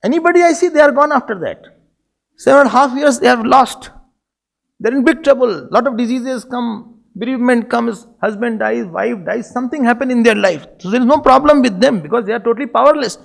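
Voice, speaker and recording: A man's voice: extremely high pitch, fairly quick, creaky. A man voicing an anxious, reluctant male god who hesitates and pleads in embarrassment. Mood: worried. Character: anxious reluctant male god, devout, fearful of his own gaze.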